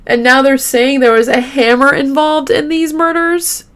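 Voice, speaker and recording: A woman hosting a true crime show, retelling a case casually with halting fillers and restarts, openly shaken by the grim details. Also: high voice, fairly bright tone. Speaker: true crime podcast host.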